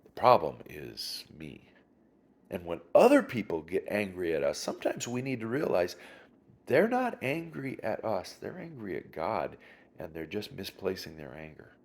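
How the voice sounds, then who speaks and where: Low-voiced pastor teaching scripture. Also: male voice, huge pitch swings, darkish tone. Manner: halting, restarts, rhetorical questions to listeners. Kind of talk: conversational Bible teaching.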